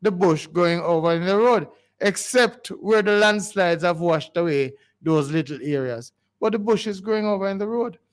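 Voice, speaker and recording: A man's voice: high-pitched, normal speed, few pauses, clear, resonant tone. A man with a Jamaican accent hosting a community radio show, talking in a rambling, pleading way with frequent restarts. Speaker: radio host. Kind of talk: call-in community radio talk. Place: radio studio.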